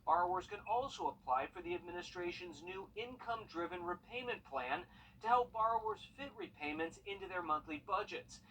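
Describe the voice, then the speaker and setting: A man delivering a scripted news report in a measured, informative way. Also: sits high, animated, pushed and bright, distant mic, slight background noise, poor audio. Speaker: news correspondent.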